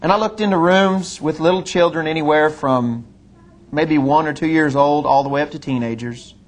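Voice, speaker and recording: A middle-aged man, preaching a sermon and telling a personal story in an earnest manner, slowing and dropping low on solemn lines. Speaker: pastor.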